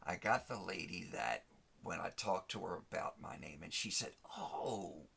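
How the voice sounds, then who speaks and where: A man's voice: low-pitched, moderate pace, vocal fry, sharp tone, husky. A man hosting a motivational talk, speaking emphatically to the listener, repeating and rhyming his key phrases. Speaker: host of a motivational show.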